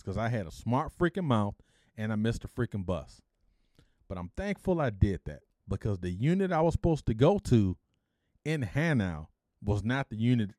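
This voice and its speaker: A man's voice: on the low side, mellow, no room sound. A middle-aged man from Detroit hosting a podcast, telling a story casually and with energy, acting out the people he quotes and adding blunt slangy asides. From Detroit, USA. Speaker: podcast host.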